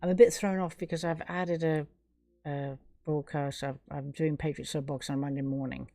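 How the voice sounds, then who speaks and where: A woman's voice: low voice, mellow, no room sound. A middle-aged woman hosting a live stream, talking to her viewers in an earnest, rambling casual monologue.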